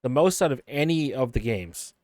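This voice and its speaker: A man hosting a casual podcast chat, relaxed, laughing often and trailing off mid-thought. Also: mid-range voice, normal speed, dry recording. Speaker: podcast host.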